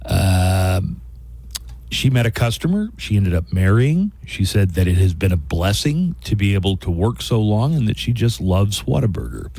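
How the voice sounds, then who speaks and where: A man's voice: on the low side, big pitch swings, moderate pace, warm tone, no echo. A man hosting a radio show, easygoing and relaying news stories in chat. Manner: easygoing, storytelling news reader.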